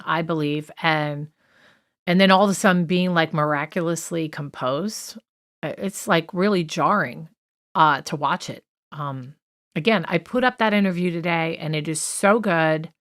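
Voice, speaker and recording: A woman's voice: fairly low pitch, fairly bright tone, clear, resonant tone. A woman co-hosting a true crime podcast, talking through a list in a chatty, opinionated way with many fillers and asides. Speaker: podcast co-host.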